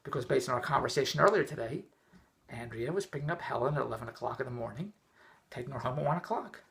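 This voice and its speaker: A man's voice: medium pitch, animated, fast talker, gravelly, a bit bright. A middle-aged man vlogging indoors, telling a rambling, exasperated story with many restarts. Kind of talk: rambling personal vlog rant. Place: indoors, just came in from the rain.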